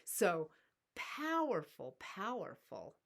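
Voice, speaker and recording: A middle-aged woman telling a personal story in a soft-spoken, reflective spiritual talk. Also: medium pitch, wildly swooping pitch, takes it slowly, vocal fry. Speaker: spiritual teacher.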